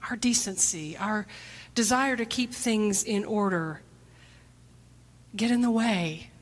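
A woman pastor delivering a reflective sermon, posing questions to the congregation and sometimes dropping to a hushed near-whisper. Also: medium pitch, slow pace. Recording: long hall reverb.

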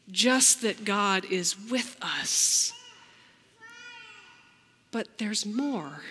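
A woman pastor delivering a slow, reflective sermon, acting out the lines she quotes. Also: medium pitch, a bit bright, long reverb tail.

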